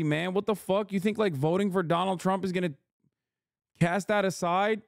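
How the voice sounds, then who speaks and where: A man's voice: high-pitched, steady tone, normal speed, creaky, no room sound, clean studio sound. A man streaming, reacting to a debate video with profane, incredulous, sarcastic commentary.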